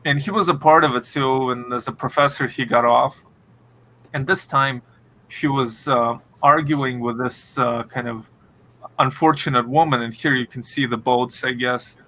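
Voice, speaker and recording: Casting note: male podcast co-host, bright forceful tone, halting delivery full of fillers, faint hiss behind. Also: mid-range voice, fairly even intonation. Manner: halting, many fillers and restarts. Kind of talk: casual chat.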